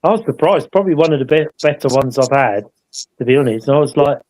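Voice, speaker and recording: A man's voice: mid-range voice, expressive, fast talker, a little mellow, poor audio. A man telling a paranormal investigation story in a rambling, casual way, often adding tag questions to draw agreement. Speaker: paranormal investigator co-hosting a live show.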